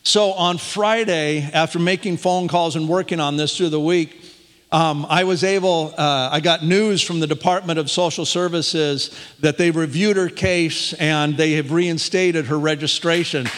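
A man with a high voice preaches to his congregation, moving from a lively personal story into reading scripture aloud. His voice climbs when he gets excited, and it rings out with the long reverb of a church hall. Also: measured pace.

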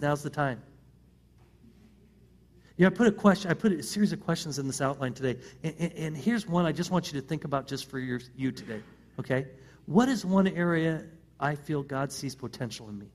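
A middle-aged man, a pastor, preaching a conversational sermon full of rhetorical questions and repeated starts. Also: high voice.

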